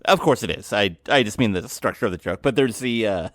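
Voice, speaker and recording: A man co-hosting a podcast, chatting casually with lively trivia asides. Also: on the low side, brisk, no room sound. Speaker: podcast co-host. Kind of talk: casual chat.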